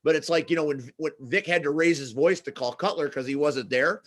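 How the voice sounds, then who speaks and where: A man hosting a wrestling podcast, chatting casually and rambling with animated asides before asking questions. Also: on the high side, a little fast. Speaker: podcast host. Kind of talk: casual interview chat.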